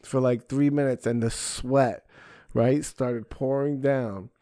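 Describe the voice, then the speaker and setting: A man's voice: medium pitch, steady tone, slow, dark tone, dry recording, clean studio sound. A young adult man, a podcast host and stand-up comedian, telling a story in casual chat and acting out his own stage lines.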